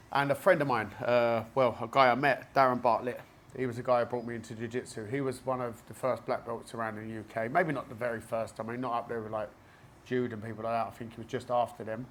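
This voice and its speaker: Fast-talking Cockney man. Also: mid-range voice, a little hiss or hum. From East London, England. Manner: chatty, rambling storyteller with frequent fillers. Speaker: gym owner and jiu-jitsu black belt guest. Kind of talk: casual podcast interview. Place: basement martial arts gym.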